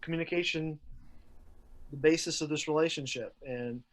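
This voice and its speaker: A man's voice: on the high side, fairly even intonation, normal speed. A man co-hosting a podcast, telling stories in a chatty way with many fillers. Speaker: podcast co-host. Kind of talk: casual chat.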